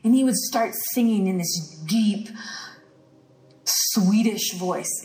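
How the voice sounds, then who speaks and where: A woman's voice: a little high, a little slow, warm tone, distant mic. A woman teaching a sermon-style lesson with emphatic, declarative delivery. She leans on repeated phrases, and her voice carries through a roomy, echoing space. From rural ranch country. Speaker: teacher at a healing school.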